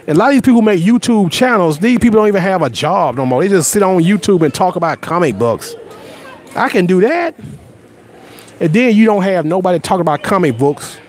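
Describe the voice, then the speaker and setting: A man's voice: high-pitched, lively intonation, brisk. A man with a Southern accent hosting a casual livestream, greeting viewers by name, rambling and boastful with frequent repeated words and restarts. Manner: blunt and boastful. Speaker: livestream host. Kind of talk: casual live chat with viewers.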